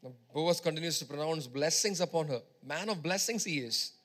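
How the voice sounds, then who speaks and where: A man preaching a sermon, repeating phrases for emphasis and swinging between loud exhortation and quieter teaching. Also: fairly high pitch, expressive, brisk.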